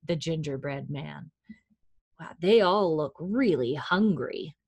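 A woman children's librarian reading a picture book aloud at storytime, gentle and encouraging toward young children. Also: low-pitched, animated, slow, gravelly, husky.

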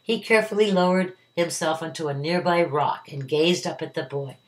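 A woman's voice: low-pitched, normal speed. An older woman, a retired teacher, reading a children's story aloud at home. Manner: warm, expressive reading to children.

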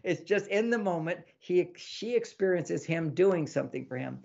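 A man, an author of relationship books, giving casual advice as a podcast guest, animated and fond of acting out little quoted exchanges with a laugh. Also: high voice, normal speed, gravelly, highs cut off. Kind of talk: casual advice talk in an interview.

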